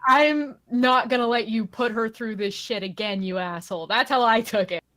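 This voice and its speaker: Young woman co-host, earnest and emphatic, fairly high voice. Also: moderate pace, a bit bright. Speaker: podcast co-host. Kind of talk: casual chat.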